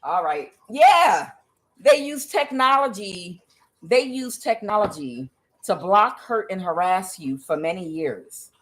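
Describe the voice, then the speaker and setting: A woman's voice: lowish voice, animated, unhurried, fairly bright tone. A woman hosting a tarot channel, talking in a blunt, profane, casual monologue full of fillers and laughs.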